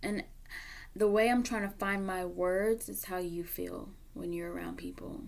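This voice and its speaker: A woman's voice: fairly low pitch, fairly even intonation, a little slow, vocal fry, darkish tone. A woman giving a casual tarot reading to camera, candid and emotional, dropping at times into a near whisper. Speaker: tarot reader.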